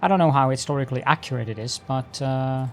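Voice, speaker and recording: Gravelly-voiced man streaming a building game. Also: medium pitch, quick pace, slight background noise. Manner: chatty, talks to himself while building; greets chat with mock-formal politeness. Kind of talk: live-stream gameplay commentary.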